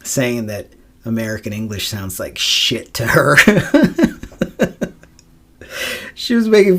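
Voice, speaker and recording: A man talking unhurriedly on his own podcast, drawing his words out at a slow, easy pace. He wanders from thought to thought with plenty of ums, swears freely, and keeps laughing at his own asides. The pitch of his voice sits in the middle range. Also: animated. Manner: rambling, profane, laughs often, many fillers. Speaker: podcast host. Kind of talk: casual solo monologue.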